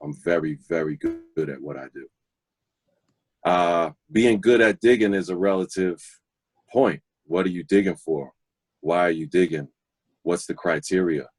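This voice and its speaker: Deep-voiced man telling a story. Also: measured pace, slightly rough, dry recording. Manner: animated, laughs often, confident. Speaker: guest DJ. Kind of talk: casual storytelling.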